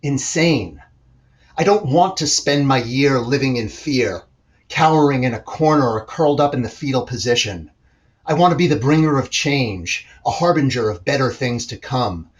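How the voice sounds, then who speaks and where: A man's voice: medium pitch, animated, normal speed. Confident slam poet man from New York. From New York City. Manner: polished, rhythmic, confident delivery. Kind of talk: slam poetry performance.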